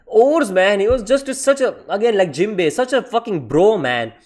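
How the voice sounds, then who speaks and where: A man giving a casual vlog review of manga, excitable and profane, tossing "man" into nearly every sentence and slipping into mocking voices. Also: high voice, unhurried.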